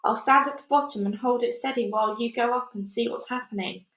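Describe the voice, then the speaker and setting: A woman reading a storybook aloud, voicing a loud, panicky male police chief who shouts his lines, in an echoey room. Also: fairly high pitch, a little fast. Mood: blustering. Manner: shouted, excitable.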